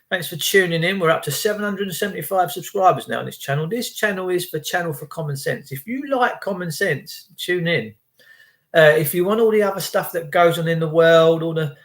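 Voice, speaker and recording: Man, channel host, slightly high voice, chatty, opinionated, casual monologue. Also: a bit bright. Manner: chatty, quotes people in their own voices.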